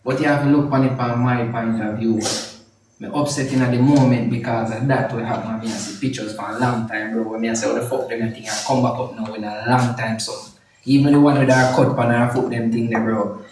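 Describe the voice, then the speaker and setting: Jamaican guy calming someone down on a live, sorry-sounding, echoey and far from the mic. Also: mid-range voice, brisk. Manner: soothing, apologetic, repeatedly urging calm. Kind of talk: live-stream conversation. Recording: echoey and distant with faint noise.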